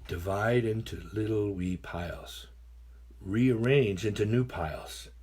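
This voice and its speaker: A man's voice: lowish voice, takes it slowly, darkish tone, husky. Playful man reading aloud to kids. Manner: playful, chatty asides between readings. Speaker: teacher. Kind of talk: reading picture books aloud to a class.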